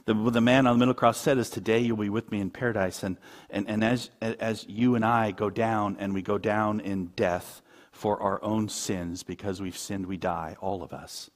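A man preaching a sermon, moving from quiet asides to loud, high-pitched emphasis. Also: steady tone, normal speed. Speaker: pastor.

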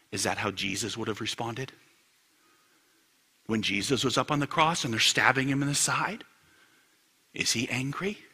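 A male pastor preaching a sermon, asking rhetorical questions and swinging from loud emphasis to hushed asides. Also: mid-range voice, normal speed, long pauses, slightly rough.

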